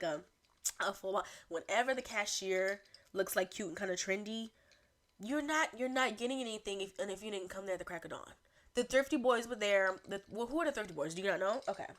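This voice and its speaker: A young woman hosting a solo podcast, talking in a chatty, rambling way with animated asides. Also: mid-range voice. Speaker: podcast host. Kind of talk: casual solo chat.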